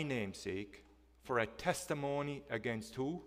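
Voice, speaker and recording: A male preacher delivering a sermon with an emphatic, questioning style that swings between loud and hushed. His voice sits at an ordinary middle pitch, and a long reverb from the church hall hangs on every phrase. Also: lively intonation, normal speed. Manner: emphatic, asks the congregation questions.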